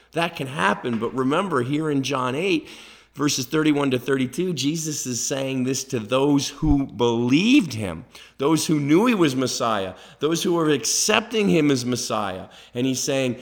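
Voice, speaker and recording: A man's voice: medium pitch, normal speed. A man preaching a sermon as a pastor, earnest and emphatic, building points through repeated declarations.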